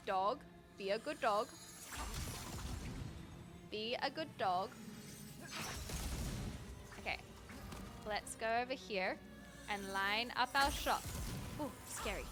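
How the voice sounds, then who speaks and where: A woman streamer chatting playfully through her gameplay, talking to her dog and her viewers. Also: on the high side. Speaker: game streamer. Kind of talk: live-stream gameplay commentary.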